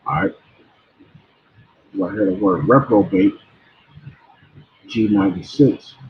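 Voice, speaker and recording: A man's voice: lowish voice, very animated, takes it slowly, creaky, a little hiss or hum. A man giving an informal sermon, blunt and preachy, often repeating words and stumbling over them. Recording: tinny phone-like sound.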